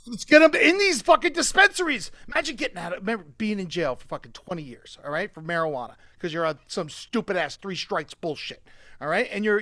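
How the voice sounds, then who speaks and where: High, bright-voiced man ranting excitedly. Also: no room sound, studio quality. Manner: profane, excitable ranting that swings between quiet asides and shouting. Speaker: show host. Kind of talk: live-streamed comedy show opening.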